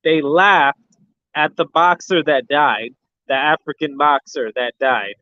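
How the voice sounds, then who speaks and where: A man's voice: a little high, unhurried, no echo. A man hosting a boxing livestream in casual chat, rambling with lots of fillers and restarts. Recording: dull lo-fi sound.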